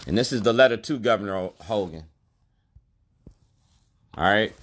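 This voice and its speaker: Talking straight to camera, this middle-aged shopkeeper and activist vlogger delivers a protest rant at normal speed. His voice sits lowish with lively intonation, and his emphatic, everyday speech circles back to the same key points.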